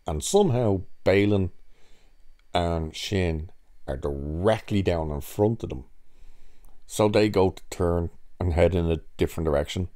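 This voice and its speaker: Sarcastic low-voiced man recapping a show. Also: unhurried, dark tone. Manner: sarcastic, profane, mocking. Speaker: show reviewer. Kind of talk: casual recap and review.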